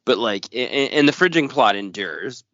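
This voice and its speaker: A man's voice: mid-range voice, expressive, normal speed, fairly bright tone, dry recording. A man co-hosting a casual comics podcast, speaking bluntly with wry humor and casual swearing. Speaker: podcast co-host. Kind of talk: casual comic book discussion. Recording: dry, dull lo-fi sound.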